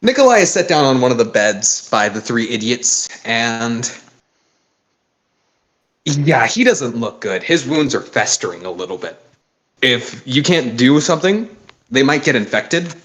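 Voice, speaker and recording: A man's voice: mid-range voice, very animated, unhurried, long pauses, a bit bright. A man narrating as game master of a tabletop game, casual and descriptive, often correcting himself.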